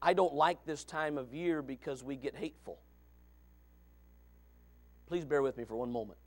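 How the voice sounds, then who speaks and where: A man preaching a sermon as pastor, folksy and repetitive, swinging from quiet talk to fervent shouting. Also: mid-range voice, moderate pace. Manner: folksy, repeats phrases.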